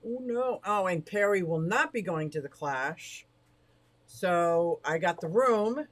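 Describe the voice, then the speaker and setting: A middle-aged woman hosts a casual livestream from a room beside a fish tank. She talks in a bubbly, rambling way, quick to laugh, answering viewers' comments as they come in. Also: fairly low pitch, expressive. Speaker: livestream host of an aquarium shop.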